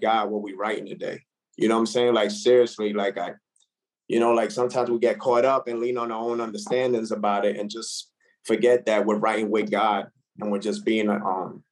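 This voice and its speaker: A man, a recording artist, talking casually and earnestly in an interview, reflecting on how he writes, with lots of "like" and "man" fillers. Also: lowish voice.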